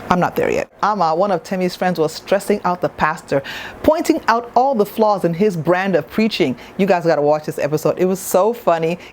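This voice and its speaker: A woman's voice: on the low side, expressive, a little fast, a little hiss or hum. A woman talking to camera in a casual review vlog, chatty and playful, with asides to the viewer. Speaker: TV show reviewer.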